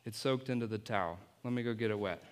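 A man's voice: fairly low pitch, fast. A man, apparently a youth pastor, giving an object-lesson sermon and playfully coaching volunteers on stage. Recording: long hall reverb.

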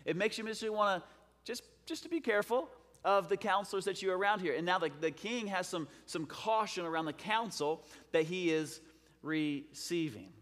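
A man's voice: high-pitched, normal speed, a bit bright. Conversational male preacher in a hall. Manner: conversational, storytelling. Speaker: pastor. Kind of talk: sermon. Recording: long hall reverb.

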